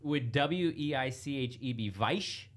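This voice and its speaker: A man's voice: mid-range voice, expressive, a little slow. A man hosting a casual live stream, eager and upbeat, sounding out foreign words and spelling them letter by letter. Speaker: host.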